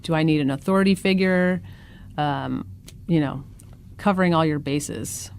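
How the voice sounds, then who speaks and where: An American woman who works as an educator, explaining things calmly in a casual discussion. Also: low voice, normal speed, vocal fry, a little hiss or hum. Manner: calm and explanatory. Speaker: guest educator.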